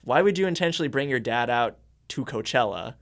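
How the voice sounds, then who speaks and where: A man's voice: medium pitch, fairly quick. Young man chatting loosely about music. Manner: relaxed, rambling, full of "like" fillers. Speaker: podcast co-host. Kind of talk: casual chat.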